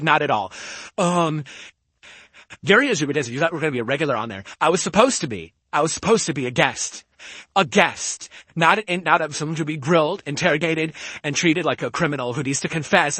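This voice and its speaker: A man's voice: on the high side, bright, forceful tone, no room sound. Defensive male streamer, voice-changed. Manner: defensive, rambling complaints. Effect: voice changer altering his voice. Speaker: live streamer. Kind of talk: reading viewer donations on a live stream.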